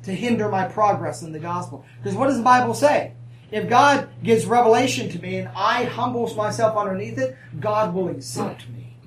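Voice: medium pitch, lively intonation, normal speed, a little hiss or hum. Roomy, distant preacher calling for amens. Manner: call-and-response, asking the congregation for amens; conversational, with humorous asides and laughs. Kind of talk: sermon. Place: church sanctuary. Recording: roomy, distant mic, faint ambience.

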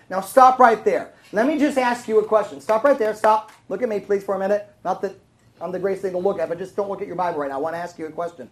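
A woman's voice: medium pitch, fast talker, darkish tone, low-quality recording. A woman teaching scripture to a congregation in a conversational sermon, often checking in with the room through questions. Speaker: Bible teacher.

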